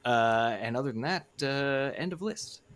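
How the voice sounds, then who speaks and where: A man's voice: medium pitch, lively intonation, measured pace, a bit bright. A man who is a regular on a podcast, chatting casually with dry, teasing humor. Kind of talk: casual chat.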